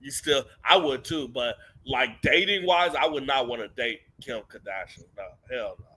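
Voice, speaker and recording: Bright, blunt young man. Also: medium pitch, normal speed, slightly rough, no room sound. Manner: blunt, reads viewer questions aloud. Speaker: co-host. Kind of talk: casual streamed chat.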